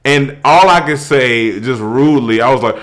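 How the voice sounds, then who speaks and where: A young man telling a funny personal story, animated, laughing through it and rising to high-pitched shouts at the peaks. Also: normal speed. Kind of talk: comedic story.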